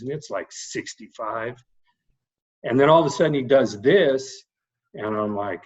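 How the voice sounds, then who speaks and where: A man's voice: mid-range voice, normal speed, slightly rough, dull audio. A middle-aged man, a baseball coach, telling anecdotes from his playing days in a casual podcast chat. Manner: animated anecdotes with fillers. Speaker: guest, baseball head coach.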